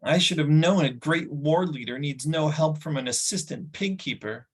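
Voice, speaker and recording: A man voicing Taran, a proud, quick-tempered young pig keeper who speaks in an indignant, sharp way, in an audiobook. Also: on the high side, husky, voice pushed up. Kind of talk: audiobook character voice.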